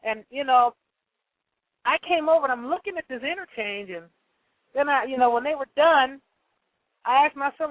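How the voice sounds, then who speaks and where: A woman's voice: high-pitched, normal speed, pauses often, dry recording, poor audio. A woman hosting a casual monologue who tells stories bluntly, swears freely and acts out the voices of the people she quotes. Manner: blunt storytelling, profane.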